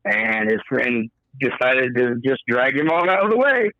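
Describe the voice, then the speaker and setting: A man's voice: mid-range voice, very animated, normal speed, hardly any pauses, dry recording, muffled recording. A man, a podcast guest, telling a story in a casual, profane way and acting out the quoted dialogue. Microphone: podcast microphone.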